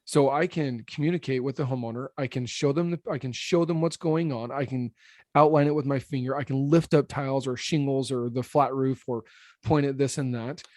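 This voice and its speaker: A man in his thirties who owns a roofing business, a podcast guest talking fast and blunt, slurring his words a little. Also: no echo, studio quality. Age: 30s. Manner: blunt, animated, salesman-like pitching. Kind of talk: casual podcast interview.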